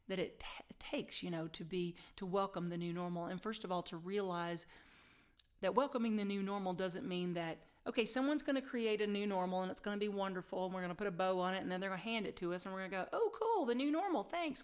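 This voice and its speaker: A woman minister gives an inspirational sermon in an ordinary mid-pitched voice. She tells stories with lively energy and laughs at herself. On her main points she sinks to a soft, almost whispered tone. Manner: animated storytelling, laughing at herself; drops to soft, near-whispered emphasis.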